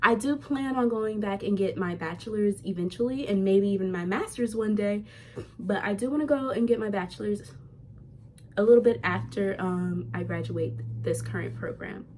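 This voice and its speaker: A woman's voice: mid-range voice, normal speed, warm tone, slight background noise. Chatty young woman vlogging candidly. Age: young adult. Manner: chatty and candid, addresses viewers as "y'all". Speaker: vlogger, nursing student. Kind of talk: casual talking-head vlog.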